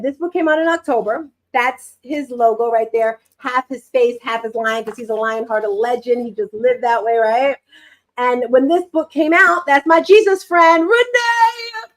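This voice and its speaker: High-voiced chatty middle-aged woman. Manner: chatty, animated, asks and answers her own questions. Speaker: author and workshop host. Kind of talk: live-streamed workshop talk.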